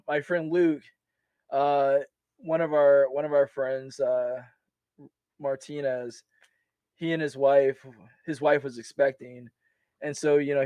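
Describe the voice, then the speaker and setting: A man telling stories from his army service in a casual, animated way, laughing often and restarting his sentences. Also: on the high side, clear, resonant tone, no echo. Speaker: podcast guest, army veteran. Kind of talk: casual storytelling.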